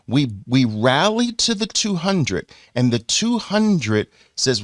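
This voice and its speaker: A man with a New York accent teaching a trading chart lesson, playful and animated, acting out lines for the moving averages. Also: medium pitch, slow, dry recording, studio quality. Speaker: trading educator.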